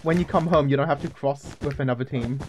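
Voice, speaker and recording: A man's voice: medium pitch, quick pace, a little hiss or hum. A man chatting casually while playing a game, rambling and joking as he calls out what is happening. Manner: rambling, joking, running commentary. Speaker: gamer. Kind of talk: casual gaming chat.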